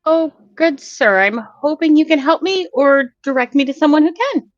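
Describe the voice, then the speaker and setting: A polite, eager young adventurer, played by a woman in a tabletop game. Her voice sits fairly high on a slightly dull, lo-fi recording with little room sound. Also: expressive, normal speed, no room sound.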